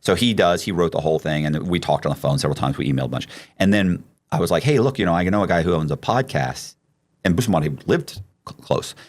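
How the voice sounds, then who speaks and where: Low voiced host guy talking fast, swears a lot, gets animated telling stories. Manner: profane, animated, many restarts. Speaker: podcast host. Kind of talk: casual storytelling.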